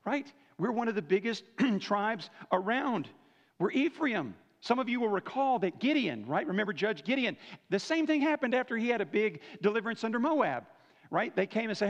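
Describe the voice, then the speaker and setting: A high-pitched pastor preaches at normal speed in his church sanctuary, expressive and conversational, repeatedly asking "right?" to engage the congregation. The sound is a dull lo-fi recording of the church hall.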